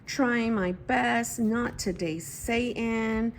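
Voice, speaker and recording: A woman in her thirties chatting casually at home about her planner, excitable and talking to herself as she goes. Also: a little high, extremely slow, slight background noise, poor audio. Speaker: planner vlogger. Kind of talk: casual chat.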